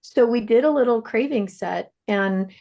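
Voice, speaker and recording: A woman practitioner telling a client story on a panel, lively and animated. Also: unhurried, creaky, lo-fi sound. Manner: animated storyteller, swings pitch widely.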